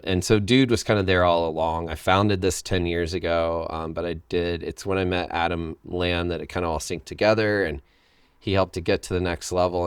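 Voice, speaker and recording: A man talking as a podcast guest and wellness coach, telling personal stories with animated energy and acting out what people said. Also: deep voice, smooth, dry recording, studio quality. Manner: animated storyteller, acts out quotes. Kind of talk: podcast conversation.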